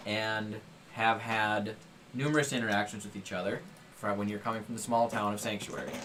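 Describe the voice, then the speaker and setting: A man acting as game master, explaining the setup to his players in a relaxed way. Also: medium pitch, slight background noise. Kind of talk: running a tabletop game.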